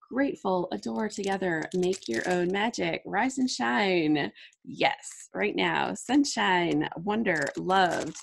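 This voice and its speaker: A gushing, chatty woman in her thirties hosts a live crafting stream. Her voice is medium-pitched with a noticeable gravelly fry, and she talks in a bubbly, easygoing way, sprinkling in plenty of "like.". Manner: bubbly, gushing, lots of "like" fillers. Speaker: scrapbooking livestream host. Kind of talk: casual live crafting chat.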